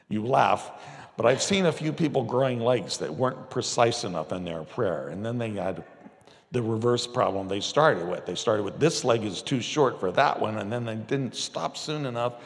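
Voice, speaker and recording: A gravelly-voiced man preaches in a relaxed, conversational way, slipping into acted quotes as he tells stories. His pitch rises and falls a great deal. The sound carries a long reverb, as in a large hall. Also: normal speed. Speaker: pastor. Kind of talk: sermon teaching with storytelling.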